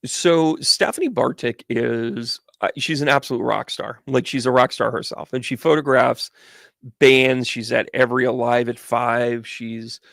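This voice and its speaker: Hosting a livestream as a medium, a man tells long, rambling, chatty stories full of animated asides and restarts. His middle-pitched voice is gravelly, and he speaks at a measured pace, recorded dry and close with no echo or room sound.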